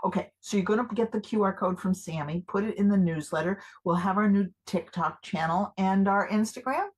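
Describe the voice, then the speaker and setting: A woman's voice: mid-range voice, brisk, breathy edge, natural voice, low-quality recording. A woman performing live improv, playing an eager, jittery older activist who gushes over every idea and frets about being found. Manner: gushing, excitable, a little paranoid.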